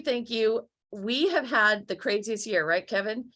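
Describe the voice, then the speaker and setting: Upbeat, teasing woman host, a touch high, casual interview chat. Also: measured pace, sharp tone. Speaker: podcast host.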